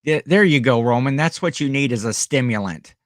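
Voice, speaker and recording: A man's voice: mid-range voice, lively intonation, brisk, no echo, clean studio sound. A man hosting a casual live stream, rambling as he reads the chat aloud, with frequent fillers and restarts. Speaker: livestream host selling items.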